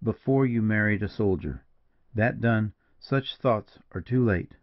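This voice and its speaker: A man voicing a proud, sharp-tempered young soldier in an audiobook, with a clipped, curt delivery. The recording is dull and lo-fi. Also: lowish voice, measured pace. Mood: bitter.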